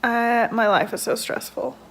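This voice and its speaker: A woman's voice: on the high side, fairly even intonation, measured pace. A young woman at home, a stay-at-home mom chatting casually and rambling with lots of fillers in a day-in-the-life vlog.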